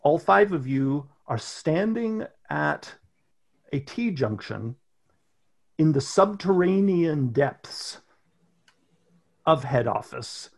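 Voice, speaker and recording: Slow husky game master narrating. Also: male voice, fairly high pitch, very animated. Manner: slow, deliberate scene-setting.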